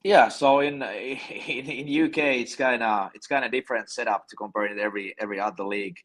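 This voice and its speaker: A man from Finland with a Finnish accent, a hockey player guest answering in halting English and often repeating words. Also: medium pitch, steady tone, a bit bright. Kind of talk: casual interview.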